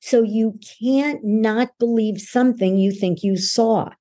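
A woman's voice: a little high, slow, dark tone. A woman guest on a podcast, a coach who explains how beliefs form in a patient, instructive way and acts out everyday voices to make her points. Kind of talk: explanatory interview answer.

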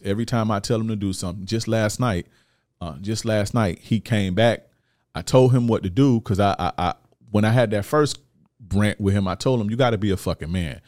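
Blunt, profane man with a low voice. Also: darkish tone, no echo, studio quality. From Florida, USA. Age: 30s. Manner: profane, blunt street slang, repetitive. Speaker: host giving life advice to men. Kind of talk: casual ranting monologue.

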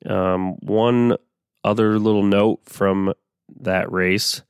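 A man hosting a casual solo podcast, his voice raspy from allergies, talking in a laid-back way with frequent fillers. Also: on the low side, steady tone, slow, dry recording, studio quality. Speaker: podcast host.

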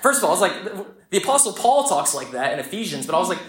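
A man's voice: sits high, rapid-fire, few pauses. Conversational young male pastor, echoey hall. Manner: storytelling, animated and conversational. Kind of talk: sermon. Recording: echoey church room.

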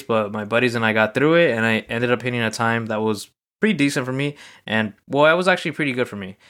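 A man with a smooth, clear voice at an ordinary middle pitch talks through a personal story on his own. He rambles casually and loosely and leans on everyday fillers. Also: fairly bright tone. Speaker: podcast host. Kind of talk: casual solo recap monologue.

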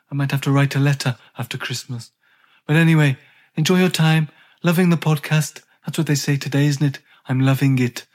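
A man's voice: a little high, voice pushed up, close to an everyday voice. A man voicing a plain-spoken retired male rock guitarist, leaving a rambling message with dry grumbles. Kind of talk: comic recorded message.

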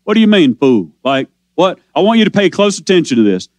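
High-voiced preacher with drawl. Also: male voice, very animated, dry recording. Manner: impassioned preaching, slows and swells on scripture quotes. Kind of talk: sermon.

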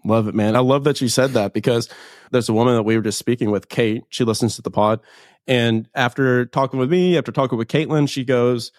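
A man hosting a podcast, chatting with a guest in a loose, excited way and tossing in casual slang. His voice sits at an ordinary pitch. The sound is dry and close, with no room behind it. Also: a little fast, no room sound. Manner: enthusiastic, slangy, says "dude" a lot. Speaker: podcast host.

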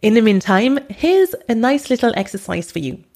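A woman with a French accent, a native French speaker, hosting a podcast and teaching with clear, deliberate delivery. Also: on the high side, big pitch swings, darkish tone. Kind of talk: podcast language lesson.

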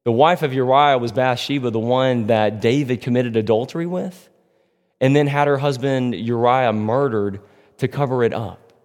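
A man's voice: mid-range voice, normal speed, darkish tone. Male pastor preaching in a reverberant hall. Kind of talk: sermon.

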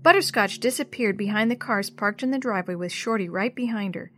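A woman reading a chapter book aloud to children in an expressive storytelling voice. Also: mid-range voice, a little fast.

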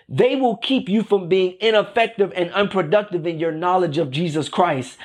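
A man preaching a conversational sermon, often repeating himself and checking in with "right?". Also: sits high. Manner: repeats phrases and keeps asking "right?".

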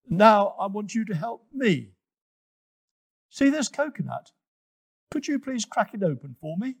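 A man's voice: high-pitched, very animated, measured pace, husky, dry recording, pitched above the performer's own voice, heavily acted. A man voicing a playful, sly male animal who teases his friend in a children's story. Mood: wheedling. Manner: bright, teasing, wheedling.

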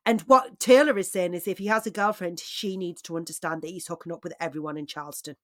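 A woman co-hosting a podcast, chatting casually in a recap, swinging between loud exclaims and quiet asides. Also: fairly low pitch, quick pace, dry recording, clean studio sound. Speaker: podcast co-host.

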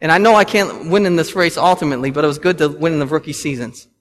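A man in his thirties preaching a sermon in a church, animated, rising and falling with emphasis and asking the congregation questions. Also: fairly high pitch, fast, long reverb tail, slight background noise. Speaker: pastor. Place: church sanctuary.

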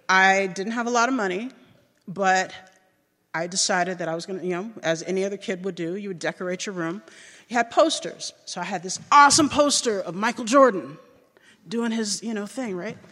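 A middle-aged woman telling a personal story to an audience, animated and acting out the voices of people she remembers. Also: in a large hall. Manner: animated, acts out remembered voices with big jumps in pitch.

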